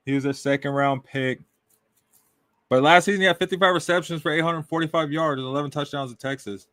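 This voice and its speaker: Man, casual podcast host, rambling, mid-pitched, dry close recording. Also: fairly bright tone, no echo. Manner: loose, rambling, full of "right?" and "I don't know". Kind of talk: casual fantasy football talk.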